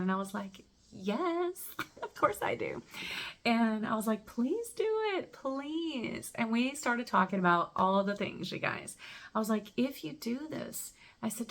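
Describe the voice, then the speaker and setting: A middle-aged woman hosting a spiritual channel, telling stories in a chatty, emphatic way and often checking in with her viewers. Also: mid-range voice. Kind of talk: casual spiritual storytelling to viewers.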